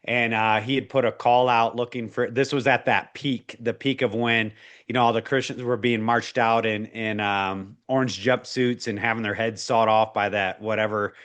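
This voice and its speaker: A man's voice: fairly low pitch, fairly even intonation, moderate pace, a bit bright, clean tone. A man in his forties, a guest in an interview, telling a personal faith story in an earnest, emotional way, full of restarts and fillers.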